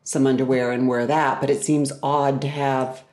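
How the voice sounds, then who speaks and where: A woman hosting a casual talk show, chatty and quick to laugh. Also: very deep voice, level tone, darkish tone. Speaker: podcast host. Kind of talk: casual chat.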